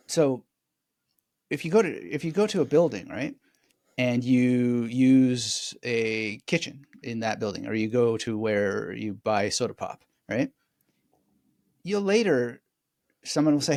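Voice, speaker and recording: A man speaking as a guest memory expert in a conversational interview, animated and digressive, often laughing as he explains. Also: mid-range voice, measured pace, long pauses, dry recording, clean studio sound.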